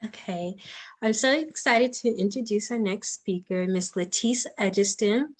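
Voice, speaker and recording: A woman's voice: mid-range voice, measured pace. A woman presenter reading a formal, upbeat introduction of the next speaker on a video call.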